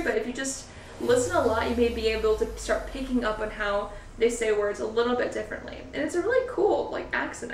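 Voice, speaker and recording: A woman's voice: fairly high pitch, far from the mic. A young woman, a college student, chatting casually through a cosplay tutorial, giggling often and using lots of "like" fillers. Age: young adult. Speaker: cosplay vlogger. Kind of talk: casual makeup and costume tutorial. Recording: roomy echo, voice away from the mic, faint music.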